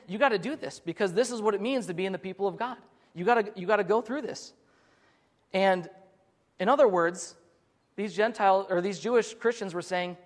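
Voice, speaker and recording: A man preaching a sermon, earnest and explanatory, getting emphatic and often restarting his sentences. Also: sits high. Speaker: pastor. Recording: long reverb of a large hall.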